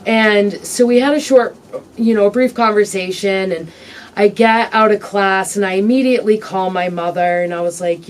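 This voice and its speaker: Recorded from a distance, a woman with a mid-range voice appears as an interview guest. She shares her personal story candidly and reflectively, pausing often and saying um as she goes.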